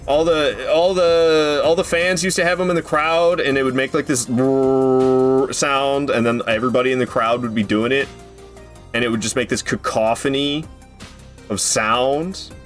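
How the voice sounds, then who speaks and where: A man streams a video game and chats casually in a mid-range, slightly bright voice at a moderate pace, with soft music in the background. His gameplay commentary rambles, and between fights he drifts into rants full of swearing.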